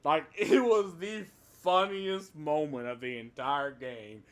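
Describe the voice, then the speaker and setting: A man's voice: a little high, slow. A man giving a casual, rambling movie review, swearing often and laughing at the plot.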